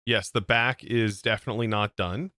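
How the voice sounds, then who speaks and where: Streamer, male, bright and clear, dry close sound, loose rambling chat. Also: lowish voice, steady tone, moderate pace, dry recording. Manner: rambling, with frequent restarts and laughs. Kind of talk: casual gameplay livestream chat.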